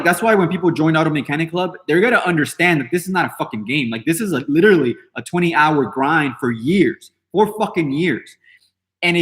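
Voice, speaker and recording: A man's voice: on the high side, fairly bright tone. Brash swearing man in his thirties. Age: 30s. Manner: brash, heavy swearing, rambling with fillers. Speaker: podcast host. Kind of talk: casual live-stream talk, answering chat.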